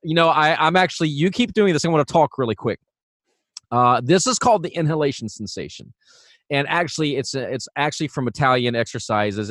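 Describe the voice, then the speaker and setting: A man's voice: medium pitch, no echo. Chatty male vocal coach, dry sound. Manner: relaxed, chatty, full of fillers and restarts. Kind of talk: casual instructional talk.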